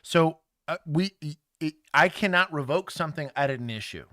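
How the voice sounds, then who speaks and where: A man's voice: on the high side, normal speed, no room sound, studio quality. A man from Texas, a former police officer co-hosting a casual livestream, who tells stories with frequent laughter. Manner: laughs often, animated storytelling with put-on quotes.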